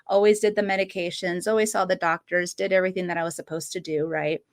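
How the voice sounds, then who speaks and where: Speaking fast with a flat delivery and a low-leaning voice, a podcast host in her late thirties tells a story in casual conversation. She's earnest throughout and frequently breaks into short laughs.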